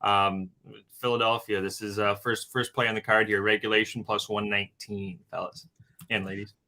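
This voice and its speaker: Low, bright-voiced betting guest, man. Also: flat delivery, moderate pace. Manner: loose, addresses listeners as guys, filler-heavy. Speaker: guest hockey handicapper. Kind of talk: casual sports betting talk.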